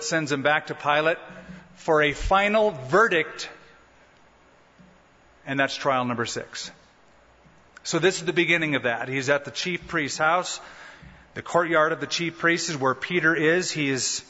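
A man's voice: fairly high pitch, sharp tone. A man preaching a sermon, teaching in a conversational way with rhetorical questions and humorous asides. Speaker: pastor. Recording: dull lo-fi sound with long hall reverb.

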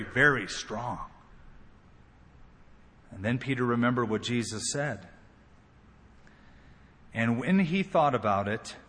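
A man's voice: medium pitch, slightly rough. A man preaching a sermon, acting out the quoted lines as he retells the story. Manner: expressive, acts out quoted lines. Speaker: pastor. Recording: long hall reverb.

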